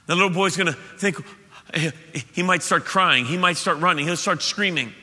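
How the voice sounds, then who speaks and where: A male pastor preaching an impassioned sermon to his church, swelling to loud peaks. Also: sits high, moderate pace. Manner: impassioned, rising to shouts at peaks. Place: church auditorium. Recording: reverberant church hall.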